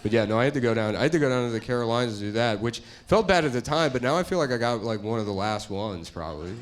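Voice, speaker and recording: A middle-aged man doing stand-up comedy, riffing crudely in a deadpan way that sinks to mutters. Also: mid-range voice, quick pace. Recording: audience laughter behind. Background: crowd laughing.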